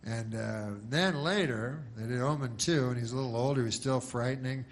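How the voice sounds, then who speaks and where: Man, stand-up comedian, deadpan, meandering, slow-burn delivery. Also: mid-range voice, a little hiss or hum. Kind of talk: rambling stand-up.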